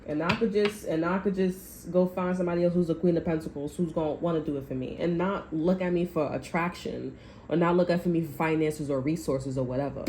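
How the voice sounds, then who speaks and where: Woman tarot reader, low mellow voice, blunt and profane, echoey room with faint hiss. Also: steady tone, brisk. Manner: blunt and profane, acts out people's quotes. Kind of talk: casual tarot reading monologue.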